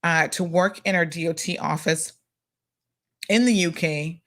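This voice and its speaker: A woman's voice: fairly low pitch, unhurried. Woman, talk show host, casual, chatty, gossipy asides. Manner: chatty and animated, with asides and fillers. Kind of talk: casual news chat.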